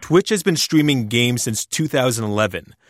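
A man's voice: mid-range voice, animated, moderate pace, no echo. Man reporting in a dry studio. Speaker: radio news reporter. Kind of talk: scripted news narration. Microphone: studio mic.

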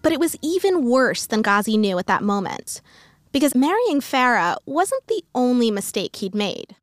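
A woman giving scripted narration that links the parts of a story in a calm, even way. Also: fairly high pitch, normal speed, no room sound.

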